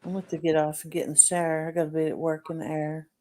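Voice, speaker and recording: A woman's voice: deep voice, level tone, fast talker, warm tone. A woman, a guest in a casual stream chat, joking and giggly. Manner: joking, giggly, playful rhymes. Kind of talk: casual late-night chat.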